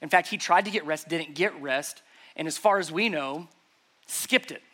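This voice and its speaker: High, bright-voiced pastor preaching. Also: male voice, normal speed. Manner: emphatic, conversational preaching. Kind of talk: sermon. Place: church service before a congregation.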